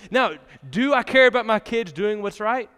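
A man's voice: high-pitched, normal speed, fairly bright tone, clear, resonant tone. A young man preaching a casual, conversational sermon in a church, chatty and laughing often, with many fillers. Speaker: pastor. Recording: long church hall reverb.

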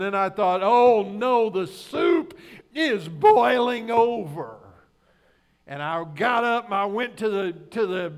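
A middle-aged male pastor preaches a sermon built around a personal story, his high voice sitting above most men's. His tone is fairly bright, clear, and resonant, and his delivery is folksy and narrative, with repeated rhetorical questions aimed at the congregation to drive his point home.

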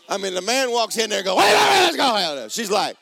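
A man preaching a sermon, joking with the congregation and breaking into loud shouts. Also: sits high, gravelly. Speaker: pastor.

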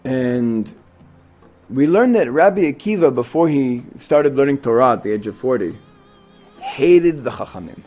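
A man teaches a Torah lesson with animated storytelling. He speaks at a middle pitch, breaks off into asides and restarts, and faint music plays underneath. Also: moderate pace.

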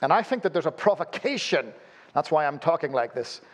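A man preaching a sermon as a pastor, telling humorous stories and dropping suddenly to a low, quiet voice. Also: very animated, brisk.

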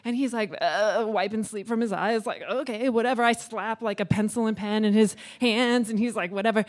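A woman in her thirties tells a personal story on stage, chatty and animated, acting out the dialogue. Her pitch is medium and her pace moderate.

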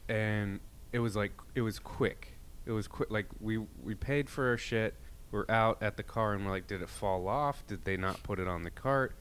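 A man's voice: fairly low pitch, moderate pace, fairly bright tone, clean tone. A man co-hosting a podcast, telling rambling stories in casual, profane chat with many restarts. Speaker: podcast co-host.

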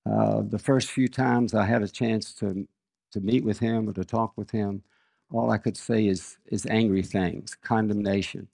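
An older man preaching a sermon, reading scripture and telling personal stories in a slow, measured way. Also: on the low side, fairly even intonation, creaky, a little mellow, no echo, studio quality.

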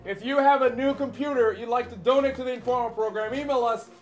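Male producer, high voice, deadpan jokes. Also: fast talker, faint music behind. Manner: dry, joking. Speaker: show producer. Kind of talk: casual comedic chat.

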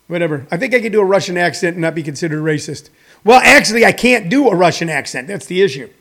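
A man's voice: high voice, a bit bright. A man in his sixties who runs a comedy school, talking in a rambling, joking monologue full of fillers. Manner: meandering, joking, many fillers.

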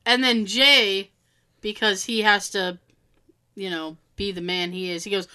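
A woman from Massachusetts co-hosting a casual chat show, telling stories in an animated way and acting out the people in them. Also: medium pitch, a little slow, smooth. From Massachusetts, USA. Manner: animated storytelling, acts out quoted people. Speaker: podcast co-host.

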